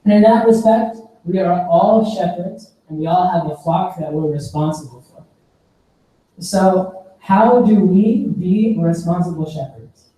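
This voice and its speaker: A man's voice: high voice, mellow. Young man preaching in an echoey hall. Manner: conversational, storytelling, frequent "right?". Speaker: khutba speaker. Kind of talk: sermon. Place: mosque prayer hall. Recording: echoey hall, distant mic.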